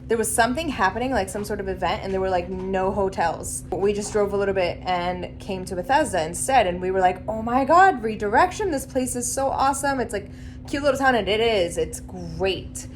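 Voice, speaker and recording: A woman's voice: mid-range voice, a little fast, slight background noise. A woman in her thirties talking casually in a road trip vlog, chatty and reflective with lots of "like". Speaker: vlogger. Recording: music playing underneath.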